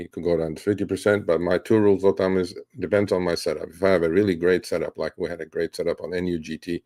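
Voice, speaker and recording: A man's voice: deep voice, a little mellow. A man hosting a live question-and-answer stream about his trades, talking bluntly and casually with rambling restarts and some swearing. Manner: blunt, rambling, profane, mocks reckless traders. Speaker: host answering viewer questions on trading.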